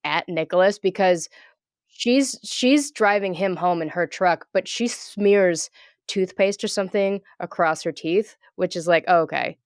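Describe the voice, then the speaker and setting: Female podcast co-host, lowish voice, dry plot recap, close mic. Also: measured pace, dry recording. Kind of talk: casual movie recap chat.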